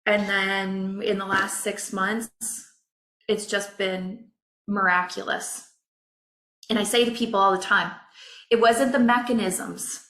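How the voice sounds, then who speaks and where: A woman coach, a podcast guest, telling a personal story in a candid, emotional, expressive way. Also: medium pitch, slow, reverberant.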